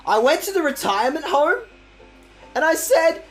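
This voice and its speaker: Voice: very animated, normal speed, long pauses, a bit bright, soft background music. A streamer giving casual, rambling let's-play commentary, swearing and mocking themself. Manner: rambling, crude, self-mocking jokes, swinging pitch. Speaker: game streamer.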